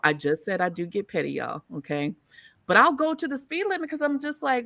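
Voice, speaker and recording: A woman hosting a casual chat, telling stories in an animated, profane way and laughing often. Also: a little high, a little fast, creaky, no room sound, studio quality. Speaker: host.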